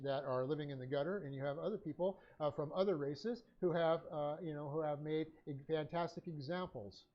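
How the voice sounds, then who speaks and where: A man with a somewhat high voice leads a Bible study class, dictating his notes in a halting way that is full of fillers and restarts. The audio is a dull, lo-fi stream recording. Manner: halting, frequent uh fillers and self-corrections.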